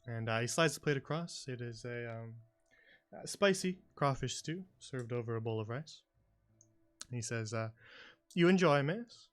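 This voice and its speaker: A man narrating as dungeon master, relaxed and full of ums and uhs. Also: medium pitch, normal speed, smooth. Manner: filler-heavy, relaxed narration. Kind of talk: narrating a tabletop game.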